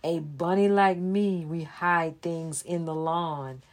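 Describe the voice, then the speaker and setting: A woman voicing a feisty male brown bunny who scolds and taunts loudly in a storybook reading. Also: on the low side, fairly even intonation, slow. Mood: taunting.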